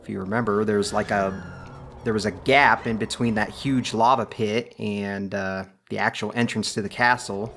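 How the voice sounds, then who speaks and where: A man hosting a video game let's play, giving relaxed, chatty commentary full of filler words. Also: on the low side, moderate pace, a little hiss or hum. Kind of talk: casual gameplay commentary.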